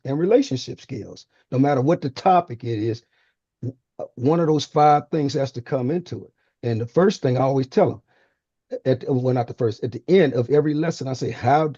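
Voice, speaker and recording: A man's voice: mid-range voice, mellow, husky, no room sound, muffled recording. A man who teaches fathering classes, explaining steadily as a radio guest and sometimes restarting a phrase. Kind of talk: conversational radio talk.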